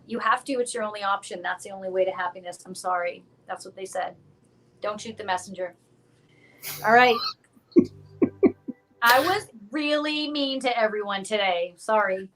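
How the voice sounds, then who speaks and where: A woman's voice: medium pitch, expressive, normal speed, long pauses, fairly bright tone, a little hiss or hum, rough recording. A woman hosting a live stream as a psychic medium, chatty and playful, often laughing at herself. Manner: chatty, playful, self-deprecating.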